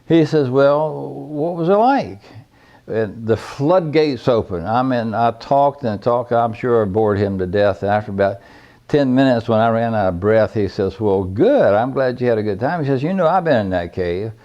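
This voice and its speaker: Older man, folksy mellow storyteller. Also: fairly low pitch, moderate pace, muffled recording. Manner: folksy, rambling, plainspoken. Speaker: veteran caver recounting his history. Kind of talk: personal storytelling.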